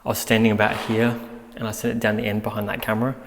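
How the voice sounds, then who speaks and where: Male ghost-hunter, lowish gravel-edged voice, talks to camera and calls out to spirits, echoing prison halls. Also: completely flat delivery, very fast. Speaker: paranormal investigator. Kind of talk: ghost-hunting vlog, talking to camera. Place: indoors in an old prison. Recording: echoey hall with long reverb.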